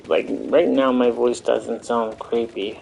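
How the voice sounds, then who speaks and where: A man's voice: medium pitch, fairly even intonation, slow, creaky, a little mellow, slight background noise, poor audio. A man streaming a game live, chatting casually and rambling to his viewers and friends. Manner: rambling, talks to chat and friends. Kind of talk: casual gaming stream chat.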